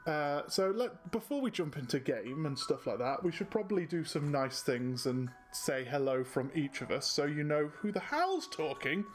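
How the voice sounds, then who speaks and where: A man with a fairly high voice hosts a tabletop game podcast as game master. He keeps things loose with jokey, self-mocking banter, with soft music playing behind him. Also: very animated, normal speed, few pauses. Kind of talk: casual podcast introduction.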